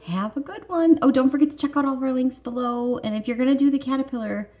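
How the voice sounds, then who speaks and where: Chatty enthusiastic woman with mellow voice. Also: high-pitched, fast. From Detroit suburbs, USA. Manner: chatty and enthusiastic, laughs often. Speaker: vlogger, cross-stitch channel host. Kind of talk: casual chat to camera.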